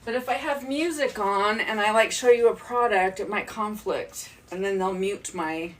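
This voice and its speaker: A woman's voice: medium pitch, moderate pace. A woman chatting casually during a live stream while she cleans at home, rambling and talking to herself as she goes. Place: home kitchen, indoors. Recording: distant phone mic with faint background noise. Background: faint nature sounds.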